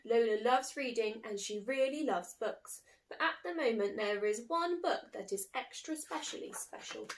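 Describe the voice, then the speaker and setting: A woman reading a children's picture book aloud in an expressive, lively way. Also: a little high, moderate pace, hardly any pauses, a little hiss or hum. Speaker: storybook reader.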